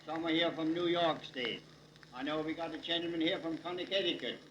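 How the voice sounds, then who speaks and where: A man with a Pennsylvania Dutch accent giving a live dialect comedy monologue with folksy, deadpan storytelling. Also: on the high side, brisk, highs cut off. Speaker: dialect humorist. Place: hall with a live audience. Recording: echoey 1962 live hall recording with hiss.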